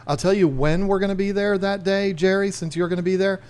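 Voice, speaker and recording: A man's voice: high-pitched, fairly even intonation, fairly quick, darkish tone, clear, resonant tone. A man in his fifties co-hosting a podcast, chatting casually in a rambling, enthusiastic way. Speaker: podcast co-host. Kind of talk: casual chat.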